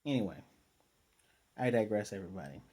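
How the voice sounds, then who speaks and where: A man's voice: fairly low pitch, lively intonation, brisk, dark tone, slightly rough. A man giving a casual, rambling recap and review of a cartoon episode, with exasperated commentary.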